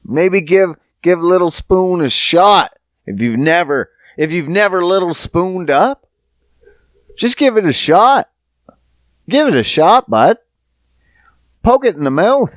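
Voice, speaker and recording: A man's voice: sits high, sing-song, slow, long pauses, dry recording. A man hosting a podcast who talks to his listeners in a casual, rambling monologue, swearing freely and joking. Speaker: podcast host.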